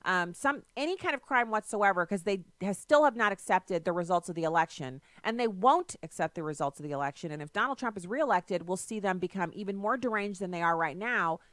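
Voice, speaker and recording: A woman's voice: medium pitch, animated, fairly quick, hardly any pauses, a bit bright, no echo. A woman hosting a political talk radio show, delivering a sarcastic, emphatic monologue into a studio microphone.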